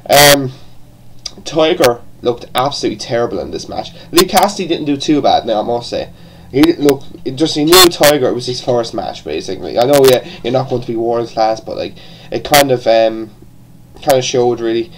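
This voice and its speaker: A man's voice: medium pitch, noisy background. An Irish-accented man talks through a review in an easy, unscripted way. He trips over his words and starts sentences again, with a casual curse here and there. His voice sits in an ordinary middle register. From born in England, raised partly in Ireland. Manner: rambling, with frequent restarts and casual swearing. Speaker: wrestling show reviewer.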